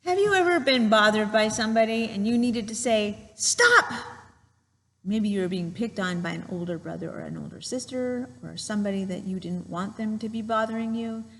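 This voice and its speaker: A woman teacher telling a true story to children in a gentle, patient way while she draws. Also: mid-range voice, big-room sound, low-quality recording.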